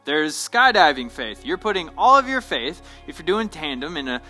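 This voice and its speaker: Upbeat casual young pastor, bright voice. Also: male voice, a little high, sing-song, moderate pace, faint music behind, rough recording. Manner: casual, conversational preaching with frequent "right?". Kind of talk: short devotional talk to camera.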